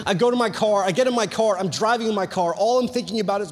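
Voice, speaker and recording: A young male preacher with a high voice tells a story in a chatty, animated way, full of "like"s. His words ring with the long reverb of a large hall. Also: fast talker, hardly any pauses, faint music behind. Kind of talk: storytelling sermon.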